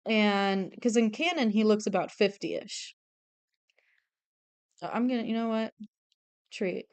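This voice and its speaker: Chatting while she draws on stream, this young artist rambles along in a self-deprecating way and laughs often. She speaks slowly in a smooth, medium-pitched voice with no room sound.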